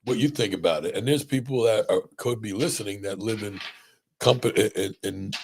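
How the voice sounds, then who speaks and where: Brief: male surgeon host, very deep gravelly voice, chatty storyteller. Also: brisk, slight background noise. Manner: animated storyteller, many restarts and "right?" checks. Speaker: spine surgeon and podcast host. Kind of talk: casual podcast conversation.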